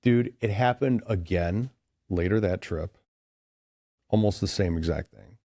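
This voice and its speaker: A low-pitched, mellow man from Chicago, USA, appears as a podcast guest and tells a long, casual story at a measured pace. He rambles loosely, leaning heavily on "like" and "dude." The recording is dry with clean studio sound.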